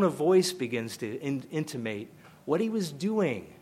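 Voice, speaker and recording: A man's voice: medium pitch, big pitch swings, unhurried, dark tone, husky. An older man preaching a sermon, emphatic and conversational, often repeating himself for emphasis. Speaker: pastor.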